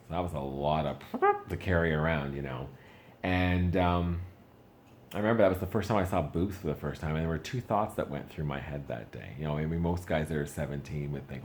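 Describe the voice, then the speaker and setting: Very deep-voiced man doing stand-up. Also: a little mellow, slight background noise. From Canada. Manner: chatty and self-mocking, voice jumps up for punchlines. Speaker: stand-up comedian. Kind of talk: stand-up comedy set.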